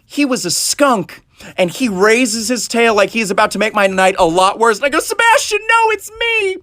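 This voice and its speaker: A young man telling comedic personal stories in an animated, playful way, jumping into high squeaky voices for quotes. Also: moderate pace, no echo, studio quality. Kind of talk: storytelling comedy clips.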